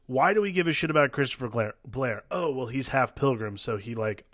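A man with a mid-pitched voice that swings lively up and down, joking through a casual movie chat on a podcast. He plays along with his co-host's bits and comments on scenes. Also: brisk. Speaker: podcast co-host.

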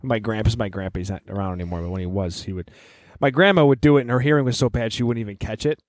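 A man's voice: on the low side, racing, no echo, clean studio sound. A man from the Chicago area, chatting casually as a podcast co-host, rambling and joking with lots of fillers. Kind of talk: casual chat.

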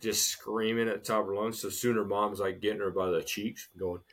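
A man co-hosting a casual podcast, telling a long shopping story in an animated way and often calling his friend "dude.". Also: brisk. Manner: animated storyteller, swings loud and high acting out scenes, says "dude" a lot. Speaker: podcast co-host.

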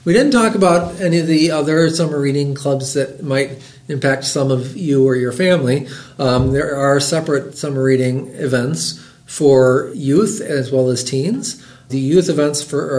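A middle-aged man hosting a library podcast, reading a picture book aloud with lively voiced characters. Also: mid-range voice, moderate pace, roomy sound.

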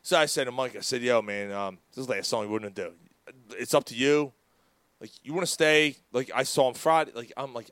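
A man with a medium-pitched, fairly bright, smooth voice talks fairly quickly as co-host of a casual sports podcast in a studio. His long story rambles, is full of profanity, and features him acting out the people he quotes.

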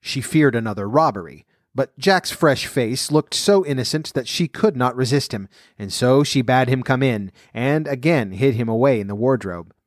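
Male storyteller, fairy tale, mid pitch, steady and measured, dry close sound. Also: no room sound.

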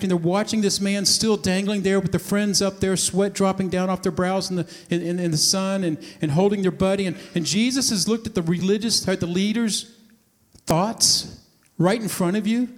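A man with a high voice preaches to a congregation, telling a story and slipping into the voices of its characters as he goes. His words ring out with a long reverb, the sound of a large hall. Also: normal speed. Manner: storytelling, acting out voices of the scene. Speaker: pastor. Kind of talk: sermon.

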